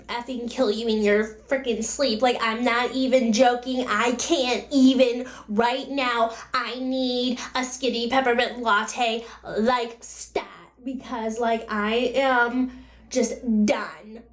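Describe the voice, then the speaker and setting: A woman's voice: high-pitched, echoey room. A woman voicing a shallow, dramatic young valley girl who is fed up with everything and leans heavily on filler words. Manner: whiny, heavy on "like" and "I can't even".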